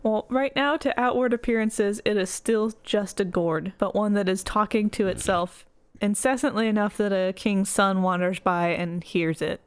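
A woman's voice: mid-range voice, fairly even intonation, moderate pace, hardly any pauses, smooth, no room sound. A woman hosting a casual comedic podcast, retelling a folktale and laughing often. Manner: summarizing a story, laughs often.

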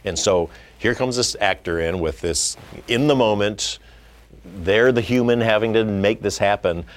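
A man's voice: fairly low pitch, measured pace. A middle-aged man, a film director, talking casually in an interview and acting out quotes as he tells stories. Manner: animated storytelling, acting out quotes. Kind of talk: conversational interview.

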